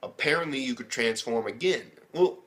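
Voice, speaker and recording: A man giving a casual, rambling recap of an anime episode as a reviewer, excitable and swearing heavily. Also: mid-range voice, normal speed. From United States.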